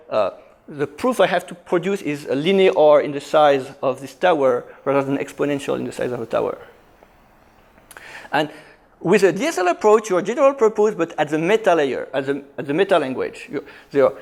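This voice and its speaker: A man speaking at a conference, a little higher-pitched than most men. He explains technical ideas emphatically and often restarts his sentences as he pushes his point. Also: creaky, a little mellow. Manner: emphatic, quick, frequent restarts. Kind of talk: technical talk.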